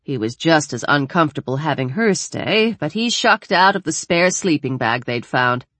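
A woman narrating an audiobook in an even, measured storytelling manner. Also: sits low, no room sound. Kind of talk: scripted narration.

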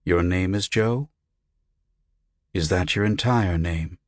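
A man voicing an unseen doctor whose recorded voice is flat and without intonation. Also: deep voice, slow pace, dry recording, clean studio sound. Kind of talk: audiobook character voice.

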